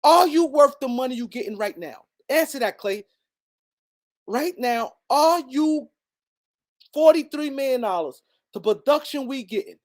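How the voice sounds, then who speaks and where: A man's voice: very high-pitched, expressive, measured pace. A man hosting a heated solo sports commentary, repeating his points for emphasis and talking straight at absent players.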